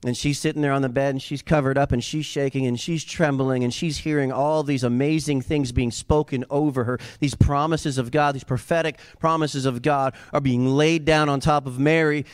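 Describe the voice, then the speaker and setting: A man with a Southern US accent preaching a sermon with passion, swinging from loud cries to hushed intensity and calling on the congregation to repeat after him. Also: mid-range voice, fairly even intonation, normal speed, hardly any pauses, clean tone, no room sound, studio quality. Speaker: pastor.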